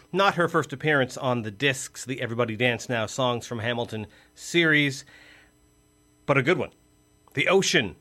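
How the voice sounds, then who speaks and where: A man's voice: mid-range voice, a bit bright. A man hosting a campus radio show, chatting casually between tracks with rambling asides. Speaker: radio host. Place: radio studio.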